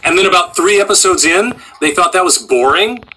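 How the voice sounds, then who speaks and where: A man's voice: sits high, animated, a little fast, sharp tone, low-quality recording. A middle-aged male voice actor in casual interview chat, a wry, self-deprecating storyteller.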